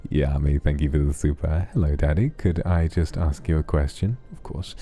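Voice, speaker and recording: A man hosting a soft late-night ASMR stream, gently reading viewers' messages aloud and answering them affectionately. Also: very deep voice, normal speed.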